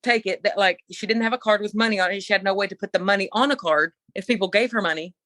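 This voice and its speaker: A middle-aged woman co-hosting a podcast, telling a story in an animated, opinionated casual chat. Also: medium pitch, fast, dry recording. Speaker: podcast co-host.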